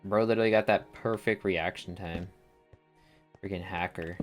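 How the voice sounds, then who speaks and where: A man's voice: sits low, fairly even intonation, moderate pace, faint music behind. A young man chatting casually and rambling while playing a game, dropping slang as he goes. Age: young adult. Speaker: let's play gamer. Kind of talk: casual gameplay commentary.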